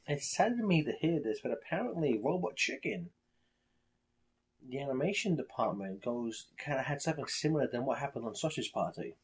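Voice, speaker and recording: A man's voice: on the high side, pushed and bright, husky. A man in casual chat, rambling bluntly through his opinions and swearing freely.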